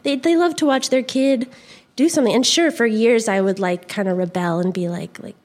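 A woman's voice: on the high side, brisk, darkish tone. Young woman guest, chatty and giggly, loose rambling delivery. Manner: giggly, rambling, full of fillers. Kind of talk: casual conversation.

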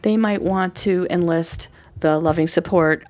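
A woman coach calmly explaining her practice in a thoughtful, unhurried conversational way. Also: fairly low pitch. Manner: gentle, thoughtful, unhurried with frequent fillers. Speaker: forgiveness coach and workshop leader.

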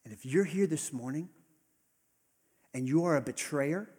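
Pastor, male, higher-pitched, husky; earnest sermon delivery in a church hall with long reverb. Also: a little slow. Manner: earnest, building to emphatic peaks then dropping soft.

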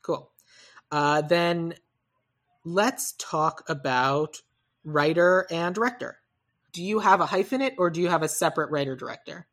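A woman co-hosting a casual podcast, talking through casting picks in a rambling, self-correcting way with animated asides. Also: fairly low pitch, measured pace. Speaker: podcast co-host. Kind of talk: casual chat about movie casting.

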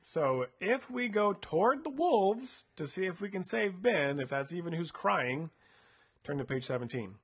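A man's voice: sits high, expressive, unhurried, fairly bright tone, breathy edge. A man casually narrating a choose-your-own-adventure story with a co-host, laid-back and playful, full of filler words. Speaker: co-host reading a gamebook.

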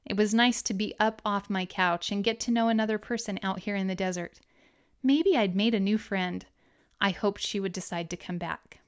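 A woman narrating her own memoir in an audiobook reading, with expressive storytelling. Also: mid-range voice, normal speed, clear, resonant tone.

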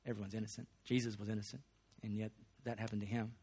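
A man's voice: lowish voice, flat delivery, fast, a little mellow, husky. A man, preaching a sermon in a folksy, joking way full of slang. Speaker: pastor.

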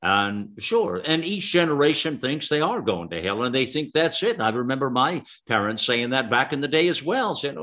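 A man's voice: mid-range voice, big pitch swings, moderate pace, hardly any pauses, a bit bright. A middle-aged man hosting a talk radio show, speaking in an earnest, rambling way full of restarts and fillers.

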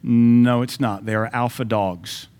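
A man preaching a sermon as pastor, emphatic, swinging between loud declarations and quieter asides. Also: mid-range voice, fairly even intonation, a little slow.

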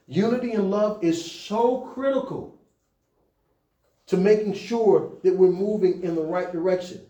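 A man's voice: high-pitched, measured pace, mellow, reverberant. A man preaching to church leaders in a conversational style, climbing to emphatic peaks. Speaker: pastor.

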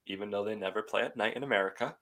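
A man's voice: on the low side, rapid-fire, bright, forceful tone. A man hosting a podcast in casual chat, teasing his co-hosts and laughing often. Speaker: podcast host.

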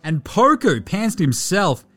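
A man's voice: high voice, sing-song, slow, a bit bright, soft background music. A man with an Australian accent hosting a casual sports podcast, with sweary, jokey, rambling banter. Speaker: podcast host.

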